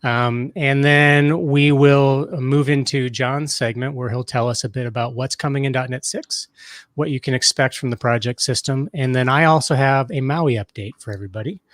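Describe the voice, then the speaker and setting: A man hosting a live developer stream over a video call, jokey and relaxed. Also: medium pitch, moderate pace, no room sound, studio quality. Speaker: host. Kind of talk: casual live-stream chat.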